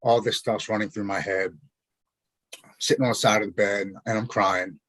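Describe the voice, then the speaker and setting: A man, a podcast guest, telling his own story in an earnest, halting way, often repeating words as he goes. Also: on the low side, fairly even intonation, a bit bright, no room sound, rough recording. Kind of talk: personal storytelling.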